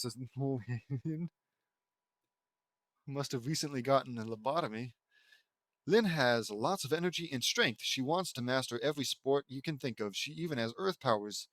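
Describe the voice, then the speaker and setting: A man's voice: medium pitch, lively intonation, no room sound. Sarcastic man reading fan fiction aloud. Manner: exasperated, sarcastic asides and quick mock voices. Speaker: reader mocking a fan fiction. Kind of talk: sarcastic comedic dramatic reading.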